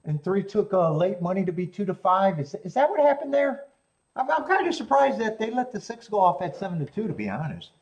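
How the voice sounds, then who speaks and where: A man's voice: high-pitched, big pitch swings, a little fast, a little mellow, lo-fi sound. A man hosting a live horse racing stream, musing aloud about betting odds and chatting casually with his viewers. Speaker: horse racing show host.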